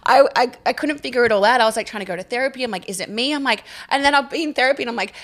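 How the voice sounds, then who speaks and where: A woman in her thirties, a podcast guest telling her story in animated casual chat, often quoting herself. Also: fairly high pitch, rapid-fire. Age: 30s.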